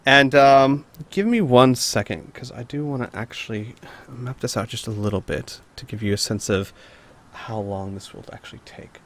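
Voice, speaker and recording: A man's voice: medium pitch, normal speed. A man narrating as game master of a tabletop game, talking casually with frequent hesitations. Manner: casual, hesitant with many fillers.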